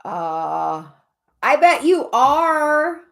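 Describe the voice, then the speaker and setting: A woman's voice: sits high, very animated, extremely slow, vocal fry. A woman giving oracle card readings on a casual livestream, rambling with many fillers and restarts.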